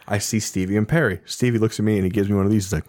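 Low-voiced man telling a wild story. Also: fast, no echo, clean studio sound. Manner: animated, laughing often, profane. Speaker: storyteller guest. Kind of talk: casual storytelling chat.

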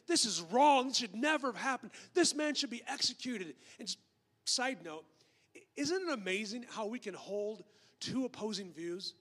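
A pastor with a high-pitched voice preaching a sermon as a casual story. He voices the quotes in the story, stumbles and repeats words, and slips in joking asides. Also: pushed and bright, big-room sound. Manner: conversational storytelling, acts out the quotes; frequent word repeats and restarts.

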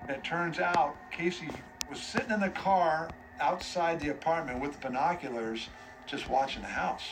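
A man giving scripted documentary narration in an even delivery. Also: fairly high pitch, normal speed. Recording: distant mic with music bed.

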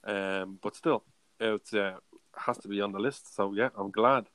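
A man hosts a casual podcast with a fairly low voice. He talks in a loose, chatty way and laughs easily. The sound is dry and close. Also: fairly even intonation, unhurried, fairly bright tone, dry recording. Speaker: podcast host.

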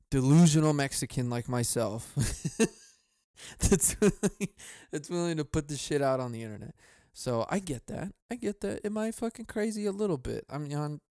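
A young man hosts his podcast alone, ranting casually with heavy swearing and frequent laughs. His voice sits fairly high and sounds smooth and resonant. The mic is close in a dry, dead room. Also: darkish tone, no echo. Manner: profane, rambling, laughs often. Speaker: podcast host.

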